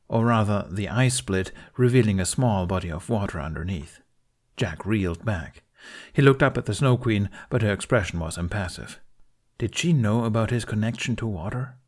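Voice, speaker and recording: A man narrating a fan fiction story aloud in a steady, measured storytelling manner. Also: lowish voice. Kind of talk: scripted narration.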